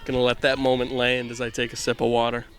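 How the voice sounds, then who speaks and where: A man from the Boston area giving casual play-by-play commentary at a softball game outdoors, full of rambling, self-deprecating jokes. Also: mid-range voice, monotone, quick pace, background noise.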